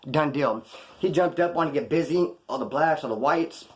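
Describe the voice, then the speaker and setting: Fast-talking animated man telling stories. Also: fairly high pitch. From California. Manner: slangy, animated, acts out other people's lines. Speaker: vlogger telling prison stories. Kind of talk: casual storytelling to camera.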